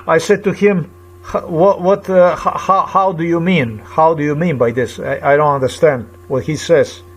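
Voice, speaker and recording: A man with a slightly high voice recounts a run-in in a loose, rambling way. He stops and restarts often and repeats phrases while he searches for words. An agitated, indignant edge runs through his talk. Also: steady tone, noisy background. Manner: halting, repetitive, searching for words. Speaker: vlogger. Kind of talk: rambling personal account.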